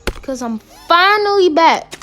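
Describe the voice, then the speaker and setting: A woman's voice: very high-pitched, expressive, measured pace, fairly bright tone, slight background noise. A woman giving casual, playful gameplay commentary as a game streamer, teasing other players and often dropping into a whisper.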